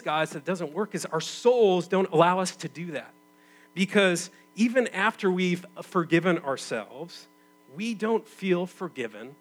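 A man in his thirties preaching in a relaxed, conversational way, with a voice sitting a bit high for a man. He leans hard into some phrases, then drops low and quiet to draw listeners in. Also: rough recording. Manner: conversational, swings from loud emphatic bursts to quiet intimate tones. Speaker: pastor. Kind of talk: sermon.

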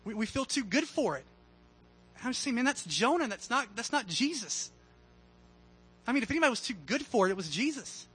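A man delivers a sermon in a loose, conversational style, full of humor. His voice sits high and sounds bright. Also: sing-song, fairly quick, long pauses, husky, rough recording. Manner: casual, conversational preaching with humor. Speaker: pastor.

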